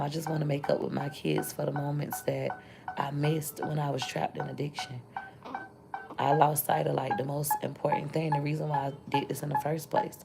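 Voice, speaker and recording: Low, gravelly woman over loud music. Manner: candid, rambling, thanks viewers between thoughts. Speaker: content creator and mother. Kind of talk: casual livestream chat with viewers. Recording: loud music playing behind the voice.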